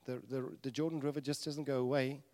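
A man preaching a sermon, telling the story animatedly and acting out voices with sudden loud bursts. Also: mid-range voice, little pitch movement, brisk. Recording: long reverb of a large hall.

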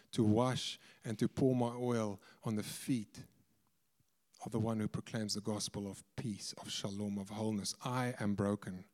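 A broken, repentant woman pleads in a hushed, low, unhurried voice, as a man puts her on. Her words trail into the long reverb of a big hall. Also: lightly acted.

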